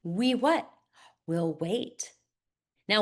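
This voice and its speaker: A woman's voice: fairly high pitch, animated, slow, a bit bright. A woman literacy instructor walking teachers through a reading lesson, modeling classroom routines. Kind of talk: teacher training demonstration.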